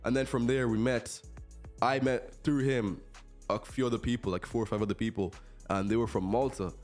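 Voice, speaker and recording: An eighteen-year-old man hosting a podcast, telling stories from college in a chatty, animated way and laughing often. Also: medium pitch, normal speed, soft background music. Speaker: podcast host, college student. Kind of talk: casual storytelling.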